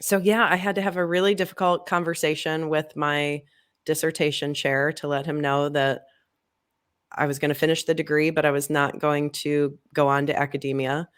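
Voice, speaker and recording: A woman's voice: deep voice, flat delivery, moderate pace, smooth. A woman guest on a podcast, chatting casually and acting out past conversations as she tells her story. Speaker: podcast guest, marketing agency owner. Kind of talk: casual interview chat.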